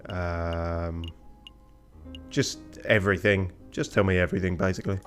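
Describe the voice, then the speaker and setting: Low-voiced man muttering game commentary. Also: fairly even intonation, moderate pace, fairly bright tone, faint music behind. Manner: muttering, wry asides. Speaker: let's play streamer.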